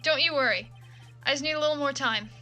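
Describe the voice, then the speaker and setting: A woman's voice: high-pitched, fast, bright, forceful tone, soft background music, pitched below the performer's own voice. A woman reading out the lines of a loyal, worried male police detective, in a subdued, apologetic way. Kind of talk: reading game dialogue aloud.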